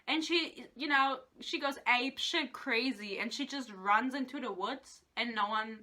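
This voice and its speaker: A woman's voice: a little high, unhurried, bright, forceful tone. A woman in a casual book rant, exasperated, swearing often and laughing between points. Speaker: book reviewer.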